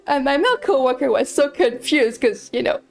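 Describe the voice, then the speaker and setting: A woman's voice: high voice, lively intonation, a little fast, vocal fry. A woman streamer chatting casually while playing a farming game, telling a story with many restarts and repeats.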